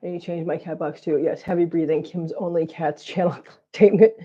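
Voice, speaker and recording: A woman's voice: on the low side, steady tone, brisk, mellow, lo-fi sound. A woman hosting a casual livestream, short of breath from chest congestion, chatting and reading out viewer comments. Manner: chatty, teasing, laughs often, reads out viewer comments. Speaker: cat channel livestream host. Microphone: close mic, breathing audible.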